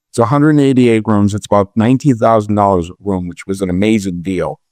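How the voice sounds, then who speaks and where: Speaking fast with hardly any pauses, a middle-aged real estate investor with a fairly low voice tells a story as a podcast interview guest. He plays out the dialogue himself, raising his voice and restarting many times, in a dry studio with no echo.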